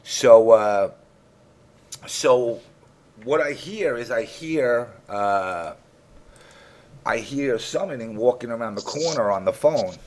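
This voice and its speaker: A man's voice: medium pitch, animated, takes it slowly, pauses often, a little mellow, a little hiss or hum. A man hosting a gaming talk show, telling a long story casually, rambling, repeating himself and swearing freely.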